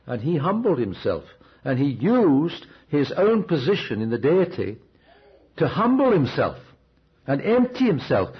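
A man's voice: fairly high pitch, big pitch swings, measured pace, slightly rough. A man preaching a sermon in a conversational, storytelling way, often asking the listeners questions. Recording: dull, restored cassette recording.

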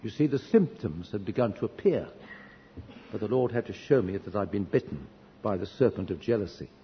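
A man with a lowish, animated voice speaks fairly quickly, preaching a storytelling sermon in a church hall. He shares stories from his own life earnestly, with self-deprecating, wry humor. The recording is dull and echoey, with a faint hiss.

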